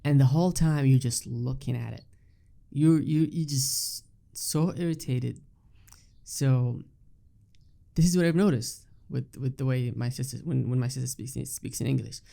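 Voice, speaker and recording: A man's voice: medium pitch, fairly even intonation, measured pace, vocal fry, dark tone. A young man whose first language is Arabic, speaking English with an Arabic accent in a rambling casual monologue, full of fillers and restarts, with casual swearing.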